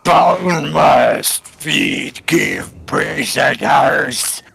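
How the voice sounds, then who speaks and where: A man's voice: fairly high pitch, animated, very slow, creaky, a bit bright, exaggerated voice. A man growling as Bone, a guttural monster. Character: hungry guttural male monster, savage.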